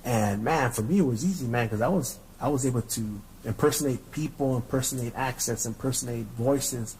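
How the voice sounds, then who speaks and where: A man's voice: mid-range voice, brisk, darkish tone, a little hiss or hum, rough recording. A middle-aged man hosting a podcast, telling stories in a casual, profane, rambling way and repeating his words. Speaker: podcast host. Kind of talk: casual storytelling rant.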